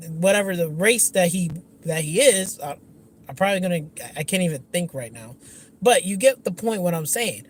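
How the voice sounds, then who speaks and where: This gaming channel host rants angrily on his livestream in a high, somewhat bright voice. He swears heavily and keeps restarting his sentences over and over.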